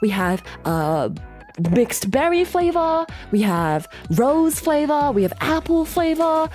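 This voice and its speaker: A woman doing a gentle, formal male butler. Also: high voice, sing-song, takes it slowly, soft background music, pitched above the performer's own voice, heavily acted. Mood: doting. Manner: formal, doting, soft-spoken. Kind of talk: casual storytelling chat.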